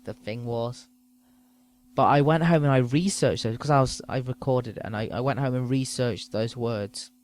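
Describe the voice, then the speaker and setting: A man talks alone into his podcast mic, rambling and crude. He mocks himself with a loose, meandering comic delivery, his voice sitting in an ordinary middle pitch. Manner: crude, rambling, self-mocking. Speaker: podcast host.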